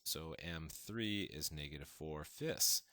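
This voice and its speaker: A man's voice: rumbling low, slow pace, pushed and bright, dry recording. A man teaching a math lesson, counting through steps with playful, enthusiastic exclamations.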